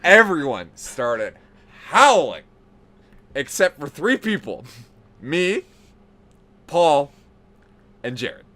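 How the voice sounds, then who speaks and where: A man telling a story on a podcast in casual, profane style, growing animated as it builds. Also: fairly high pitch, drawn-out words, pauses often, slight background noise. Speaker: podcast host.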